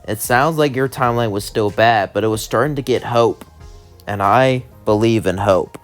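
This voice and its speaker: A man voicing a calm, kindly male hotel keeper in hell, speaking in a gentle, reassuring way, with faint music behind him. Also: on the low side, moderate pace, close to an everyday voice.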